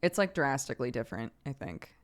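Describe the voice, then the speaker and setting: A man's voice: medium pitch, sing-song, fast. A young man streaming, chatting casually with viewers, reading out their messages and laughing often.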